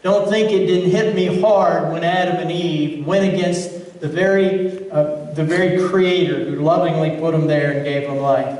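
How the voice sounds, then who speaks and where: A man's voice: a little high, steady tone, unhurried, darkish tone. A man preaching a sermon as pastor, earnest, often repeating words as he builds a point. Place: church sanctuary. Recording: roomy church sound from far off.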